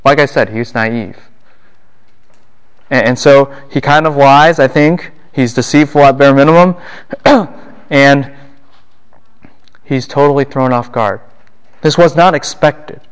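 A middle-aged man lectures a university class on a Bible passage at an ordinary pitch. He keeps asking the room questions and answering them himself. When he quotes someone, his voice jumps up and down in pitch and volume. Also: slow pace, long pauses, smooth.

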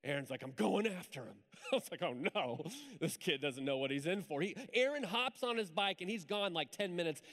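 A man preaching a sermon in church, telling a story in a lively, conversational way with asides to the congregation. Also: on the high side, brisk. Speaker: pastor. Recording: hall reverb.

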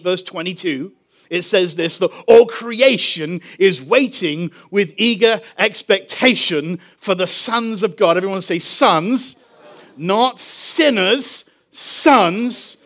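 An English pastor delivers a sermon in a strikingly high voice for a man. He tells his story with animation. He stretches out the important phrases slowly. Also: a bit bright. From England.

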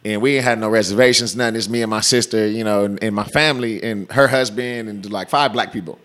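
A man's voice: on the low side, quick pace. A young man from California, a comedian and actor, telling stories in casual, slangy chat and voicing the people he quotes. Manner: laid-back, slangy, animated when quoting people.

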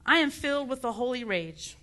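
A woman's voice: high voice, expressive, fairly quick, sharp tone. A woman preaching an impassioned sermon, building to fervent outrage. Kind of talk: passionate sermon.

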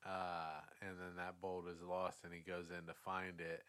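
A man's voice: deep voice, completely flat delivery, normal speed, fairly bright tone, smooth. A man telling a long, profane story in casual chat, acting out what people said. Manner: rambling, profane, acts out quotes.

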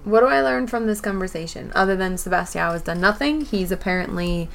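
Woman player at a tabletop game, jokey and animated, quick side comments. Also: medium pitch, creaky, a little hiss or hum. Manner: animated, joking, quick asides.

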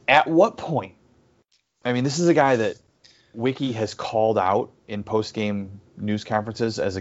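A low-pitched man talks through a team's players in a relaxed soccer podcast chat. He stops and restarts his sentences often. The audio sounds muffled and lo-fi. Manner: halting, many restarts and fillers. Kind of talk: casual sports chat. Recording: dull lo-fi audio.

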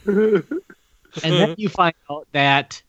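A man's voice: fairly high pitch, slow pace, fairly bright tone, dry recording. Man bantering over a muffled call. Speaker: podcast co-host. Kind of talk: casual chat over video call. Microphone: video call.

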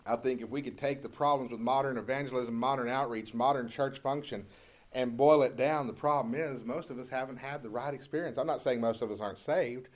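A man preaching a sermon as pastor, moving from calm, conversational storytelling into loud, impassioned preaching. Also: medium pitch, a little fast.

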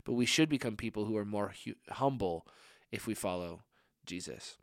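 A man's voice: on the low side, expressive, moderate pace, gravelly, no room sound, clean studio sound. A young adult man preaching a conversational sermon as a young adults pastor, earnest and full of rhetorical questions, often saying "like". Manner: frequent filler "like".

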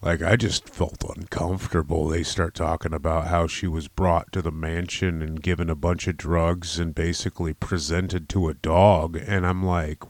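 Man, podcast co-host, low voice, dry close sound, stoned, profane, gets loud when outraged. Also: level tone, normal speed, hardly any pauses, dry recording. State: high on cannabis. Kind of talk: casual podcast chat.

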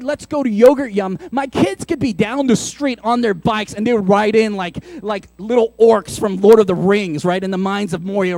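A man, a pastor, preaching a sermon in an animated, conversational way with playful asides. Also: sits high, dry recording.

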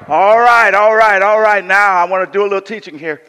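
In a church sanctuary with long hall reverb, a male pastor preaches with emphatic call-and-response, often repeating words as he restarts. He speaks quickly with few pauses, his voice sitting high, sharp and clean.

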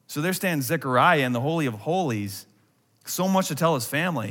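A man in his thirties preaching a sermon as a pastor, animated, swinging from loud acted-out worry to a hushed voice. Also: on the high side, brisk. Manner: animated, acts out anxious voices, drops to a hush. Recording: long hall reverb.

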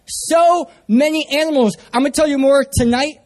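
A man's voice: extremely high pitch, moderate pace, a little mellow. A young man from San Diego preaching a sermon, telling a personal story with self-mocking humor. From San Diego area, US.

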